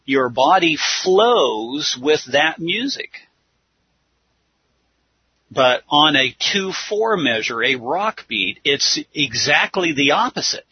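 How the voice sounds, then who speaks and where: A man teaches methodically in a slow, unhurried delivery and counts out his points step by step. His voice is husky, and the dry, dull lo-fi recording has no room echo. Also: a little high, big pitch swings. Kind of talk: religious teaching talk. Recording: dull lo-fi sound.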